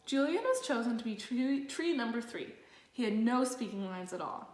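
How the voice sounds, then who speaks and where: Lively woman reading a children's story. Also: fairly high pitch, moderate pace. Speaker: storybook narrator. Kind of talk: reading a children's picture book aloud. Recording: roomy echo.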